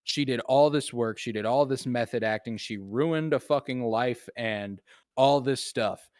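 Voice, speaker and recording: A man in casual podcast chat, mid-pitched, swearing freely and tossing in fillers as he talks about movies. Close, dry sound with no room around him. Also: measured pace, dry recording. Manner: loose and profane, heavy on fillers. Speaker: podcast co-host.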